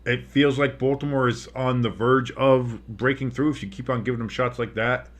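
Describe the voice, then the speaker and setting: A man's voice: mid-range voice, fairly even intonation, normal speed. Man calling live football play-by-play. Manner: rambling, swears, restarts his sentences. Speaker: play-by-play commentator. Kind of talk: casual live play-by-play commentary.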